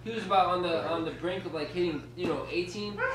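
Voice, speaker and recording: A man's voice: high voice, fast talker. A man telling a rambling story on a podcast, swearing constantly and laughing often. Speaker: podcast guest. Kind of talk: casual storytelling. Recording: echoey room with laughing crowd.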